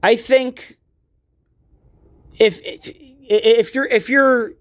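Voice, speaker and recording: A man's voice: very high voice, fairly even intonation, very slow. A young man hosting a podcast, ranting in a casual, profane monologue full of fillers. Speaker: podcast host.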